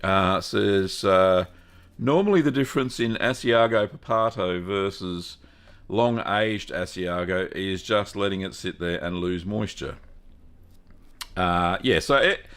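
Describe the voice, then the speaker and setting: A man with an Australian accent hosting a live stream, greeting viewers one by one in a relaxed, chatty way. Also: deep voice. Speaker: host of a cheese-making livestream. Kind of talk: casual live-stream chat.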